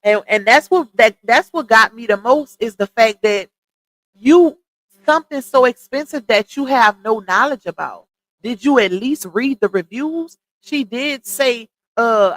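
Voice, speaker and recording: A woman with a slightly high voice and runs a casual livestream, talking bluntly and with exasperated, gossipy commentary. She is recorded close up on a dry mic. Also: animated, measured pace, fairly bright tone, no echo, low-quality recording. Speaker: livestream host.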